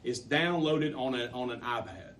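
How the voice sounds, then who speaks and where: A man running a sales training for a live group, coaching with animated, repetitive emphasis. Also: mid-range voice, moderate pace, distant mic, slight background noise.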